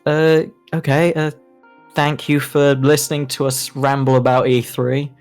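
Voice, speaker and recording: Brief: easygoing British male co-host, halting, mid-pitched, faint music behind. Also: level tone, a little mellow, clean tone. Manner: hesitant, rambling with fillers and laughs. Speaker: podcast co-host. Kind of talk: casual chat.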